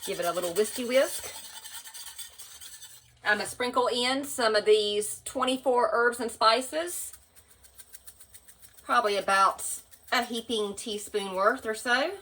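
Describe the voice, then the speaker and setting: Here a home cook from the American South narrates her cooking vlog in a chatty, folksy way, calling viewers y'all as she works in her home kitchen. Her voice sits a little high and sounds sharp, with a slightly slow pace and long pauses. Audio quality is poor.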